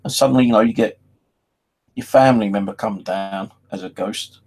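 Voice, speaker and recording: A man's voice: fairly low pitch, normal speed, darkish tone, breathy edge, rough recording. A man talking in a casual, rambling personal monologue, full of "you know" and freely swearing. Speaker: vlogger.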